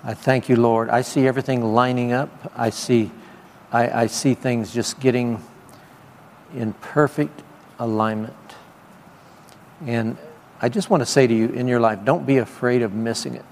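Man, preacher, gravelly voice, casual prophetic ministry, long hall reverb, faint room noise. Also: medium pitch, steady tone, a little slow. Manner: conversational, laughing asides, repeated praise phrases. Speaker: preacher giving prophetic words. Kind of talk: informal charismatic ministry. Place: church meeting hall.

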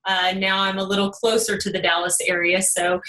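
A woman's voice: mid-range voice, flat delivery, fairly quick, bright, forceful tone, reverberant, distant mic, rough recording. A woman in her thirties with a Texas twang, chatting as a podcast guest with lots of fillers. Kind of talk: podcast interview.

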